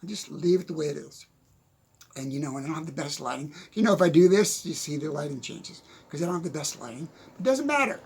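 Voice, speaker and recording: A man talking casually into the camera from his desk at home, giving unscripted motivational advice, chatty and quick to laugh. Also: on the high side, lively intonation, husky. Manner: chatty, laughs often, repeats "okay?". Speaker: motivational speaker.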